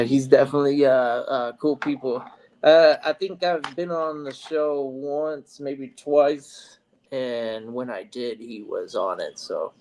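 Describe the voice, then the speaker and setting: A man's voice: medium pitch, a little mellow. A man who is a podcast guest, talking in easygoing casual chat and stammering through repeats and fillers.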